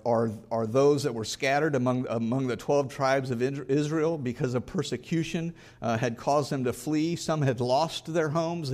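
A man's voice: medium pitch, a little mellow. A middle-aged male pastor preaching an earnest sermon and reading scripture aloud with emphasis.

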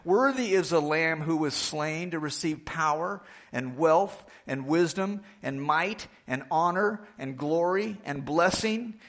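A man preaching a sermon, reading scripture aloud with slow, emphatic phrasing that drops low and quiet on key words.

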